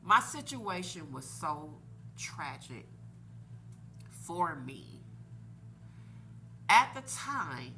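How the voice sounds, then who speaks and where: Podcast host, woman in her 40s, lively swooping delivery, slow-paced, candid storyteller. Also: fairly low pitch, background noise. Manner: animated, laughing while telling a painful story.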